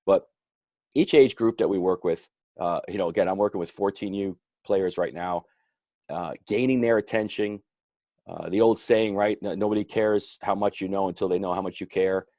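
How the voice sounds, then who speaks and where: A man's voice: low voice, steady tone, moderate pace, dark tone, no echo, studio quality. A man who coaches youth hockey, talking in a rambling way with many restarts in a casual podcast discussion.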